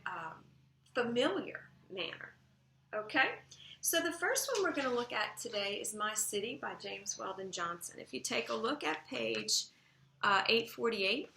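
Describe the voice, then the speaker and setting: A woman teaching a high school English class, lecturing in a conversational way and checking in with "okay?". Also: gravelly, sharp tone, reverberant, slight background noise. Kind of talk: recorded lecture to students.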